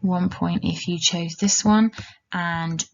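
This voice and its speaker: A woman teaching a children's language lesson, giving slow, clear, encouraging instructions. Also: on the low side, fairly even intonation. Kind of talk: recorded classroom lesson for children. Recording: dull lo-fi recording.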